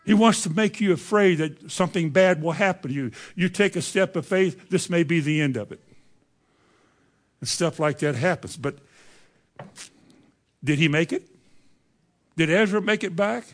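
A man preaching a sermon, driving his points home with rhetorical questions to the congregation. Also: on the high side.

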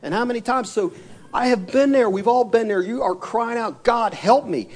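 A man's voice: very high voice, moderate pace, a little mellow. A man preaching an evening church sermon, earnest and full of rhetorical and tag questions, who also reads scripture aloud in old-fashioned wording.

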